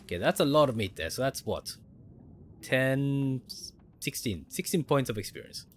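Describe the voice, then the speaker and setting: A man's voice: mid-range voice, expressive, moderate pace, a little hiss or hum. A man streaming a survival game, casually thinking aloud and explaining mechanics to viewers. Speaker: gaming livestreamer. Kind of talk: casual gameplay commentary.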